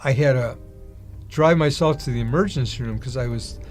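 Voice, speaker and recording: A man's voice: medium pitch, normal speed, darkish tone, faint music behind. A man giving a personal testimony, telling his story vividly and acting out the dialogue in it. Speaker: testimony speaker.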